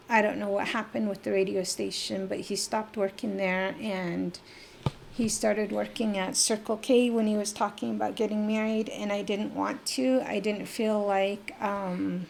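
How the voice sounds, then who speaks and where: A woman's voice: mid-range voice, creaky, a little mellow, slight background noise. A middle-aged woman from the Navajo Nation area, a podcast guest telling a personal story in a rambling way and acting out the voices of the people she quotes. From Navajo Nation area, US Southwest.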